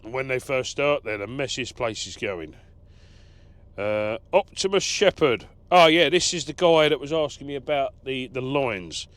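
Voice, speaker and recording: A man talking in a relaxed, rambling way from the cab of his truck, mid-range in pitch. He pokes fun at himself as he chats about his day and the comments viewers have left. The hum of a vehicle sits faintly behind him. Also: measured pace. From England. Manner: rambling, self-deprecating, chatty. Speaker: lorry driver vlogger. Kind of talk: casual vlog chat, reading comments.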